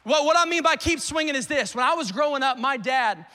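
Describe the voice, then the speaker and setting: High-voiced bright pastor preaching in a hall. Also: male voice, expressive, a little fast. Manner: conversational, repeats words, calls to the congregation. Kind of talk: sermon. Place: church sanctuary.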